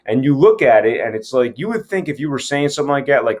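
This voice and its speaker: A man's voice: medium pitch, expressive, fast talker, few pauses. A man giving a casual scene-breakdown lesson as an acting coach, speaking frankly and with plenty of profanity.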